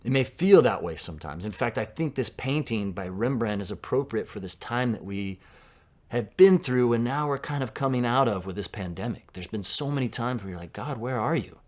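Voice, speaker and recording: A man from Southern California preaching a sermon in a conversational way, dropping to a hush for quoted lines. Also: medium pitch, expressive, fairly quick. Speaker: pastor.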